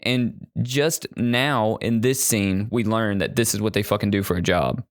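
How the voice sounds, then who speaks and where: A man co-hosting a movie-review podcast, retelling scenes in a profane, animated way and mocking the characters. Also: on the low side, unhurried, no echo, clean studio sound. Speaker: podcast co-host. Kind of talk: casual movie-review chat.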